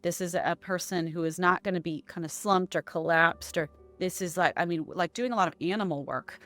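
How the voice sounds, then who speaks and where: A woman's voice: fairly low pitch, brisk, fairly bright tone, soft background music. A woman voice and accent coach explaining her methods in a conversational interview, often checking in with "right?".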